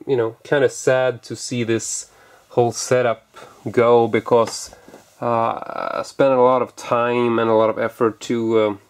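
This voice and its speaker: A man's voice: mid-range voice, level tone, unhurried, smooth. A man chatting casually in a vlog as a movie collector, rambling with lots of fillers and restarts, in an indoor room holding his collection. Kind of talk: casual chat.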